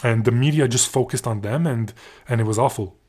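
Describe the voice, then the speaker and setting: A man's voice: mid-range voice, fairly quick, darkish tone. A young man from Canada telling a rambling, sarcastic story on his podcast, swearing often and restarting his sentences. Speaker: podcast host. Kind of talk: casual storytelling monologue.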